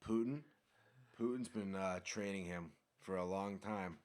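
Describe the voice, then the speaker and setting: A man's voice: sits low, a little slow, darkish tone. A young man co-hosting a casual podcast, joking, swearing and sarcastic in loose banter. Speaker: podcast co-host. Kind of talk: casual chat.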